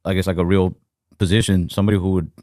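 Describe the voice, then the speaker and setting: A man's voice: low voice, level tone, quick pace, dark tone, no echo, studio quality. A young man co-hosting a podcast, telling rambling, profane work stories in a casual chat with quoted voices. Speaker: podcast co-host.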